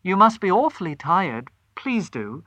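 A gentle young housewife speaks softly and pleads with quiet courtesy, voiced by a male storyteller. Her voice rises and falls with a lively, bright tone, close and dry. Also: sits high, a little slow, dry recording, pitched above the performer's own voice, exaggerated voice. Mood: pleading. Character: soft-spoken grieving young housewife.

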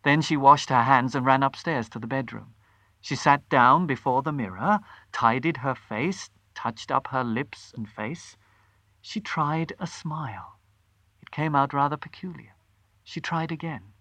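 Story reader, dramatic and animated, bright tone, dry close sound. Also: medium pitch, unhurried, no echo. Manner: dramatic, animated delivery with varied pace. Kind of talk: expressive story reading.

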